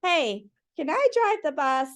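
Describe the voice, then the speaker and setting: A woman's voice: high-pitched, sing-song, unhurried, pitched above the performer's own voice. A woman voicing an eager pigeon who keeps begging to drive, in a storybook read-aloud. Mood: pleading. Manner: begging, wheedling.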